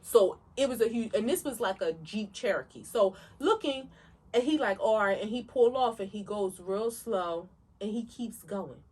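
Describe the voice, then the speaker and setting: A woman co-hosting a podcast, telling a story in an animated, emphatic way and speaking straight to listeners. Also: medium pitch, moderate pace, breathy edge, distant mic. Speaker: podcast co-host. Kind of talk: casual storytelling chat.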